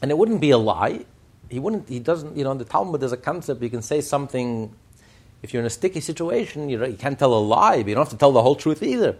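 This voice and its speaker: A man gives a Chassidic Torah lesson in a gravelly, husky voice. His pitch swings widely as he tells stories. He keeps pressing his listeners with rhetorical questions. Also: lively intonation, fast. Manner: fires rhetorical questions, storytelling. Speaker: Torah teacher.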